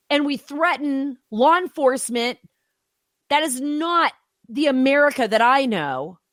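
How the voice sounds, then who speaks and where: Woman host, emphatic opinion commentary, high voice, dry close sound. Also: a bit bright, dry recording. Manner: impassioned, emphatic.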